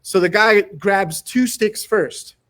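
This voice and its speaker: This high-voiced martial arts instructor is a podcast guest sharing a casual story. Between lines he often laughs, and he animatedly performs quick impressions of the people he's describing, voicing their words.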